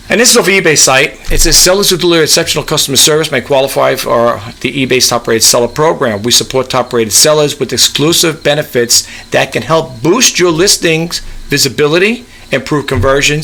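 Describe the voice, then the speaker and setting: Reading web pages aloud in his casual screen-share vlog on online reselling, a New York man from the US East Coast rambles along, peppering his talk with "you know" and "okay?" He's an eBay reseller vlogger whose medium-pitched voice sounds pushed and bright.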